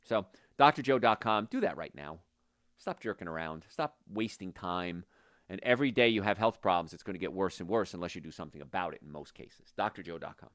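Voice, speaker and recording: A middle-aged man hosting a casual health talk, folksy and rambling, going off on tangents and pitching his services. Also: expressive, fairly quick, a bit bright, dry recording, clean studio sound. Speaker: health practitioner and show host.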